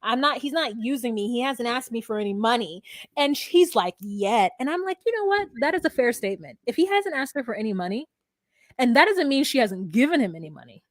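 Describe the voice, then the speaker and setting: A woman's voice: a little high, animated, a little fast, dry recording, studio quality. A young woman co-hosting a reality-TV recap, playful and mocking, often laughing as she talks. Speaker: podcast co-host. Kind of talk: casual reality-TV recap chat.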